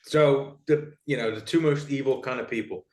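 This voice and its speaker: A man's voice: mid-range voice, normal speed, reverberant. A man co-hosting a podcast who tells stories in a rambling way, with lots of fillers and swearing. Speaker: podcast co-host. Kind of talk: casual chat, storytelling.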